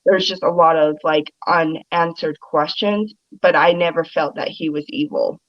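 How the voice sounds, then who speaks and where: A woman's voice: sits low, steady tone, moderate pace, no room sound. Laughing woman chatting over a dull call line. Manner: laughs often, loose storytelling. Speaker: guest. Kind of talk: casual live-stream chat. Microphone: video call.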